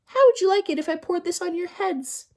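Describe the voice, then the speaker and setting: A woman voicing a temperamental female schoolteacher in a children's audiobook, high and sharp, swinging from snapping to sweetly apologetic. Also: fairly quick. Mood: menacing. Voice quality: high, sharp and shouty when angry.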